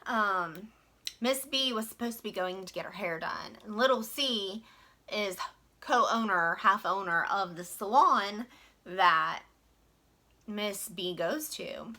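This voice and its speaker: A young woman vents about her job in a frank, chatty storytime, leaning on little fillers as she goes. Her voice is clear and bright, with a keen edge to it. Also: mid-range voice, expressive, slow pace. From West Virginia. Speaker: vlogger. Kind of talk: casual storytime venting.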